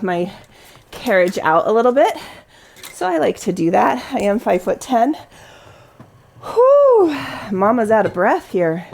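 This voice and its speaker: A woman's voice: fairly high pitch, creaky. A woman leading a Pilates class, giving cues and counting reps down in an encouraging way. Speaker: Pilates instructor. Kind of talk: guided workout instruction with counting.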